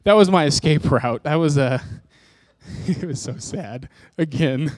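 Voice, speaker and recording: Speaking a little slowly in a slightly high voice, with no room sound, a man preaches a personal testimony sermon. He's candid and self-mocking as he recounts his story and plays out people's remarks.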